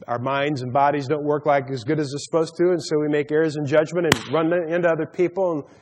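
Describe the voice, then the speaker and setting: A man's voice: a little high, steady tone, brisk. A man teaching a Bible study sermon, telling stories and jokes, often stumbling and repeating words as he goes. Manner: stammering repeats, storytelling with a joke. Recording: long hall reverb.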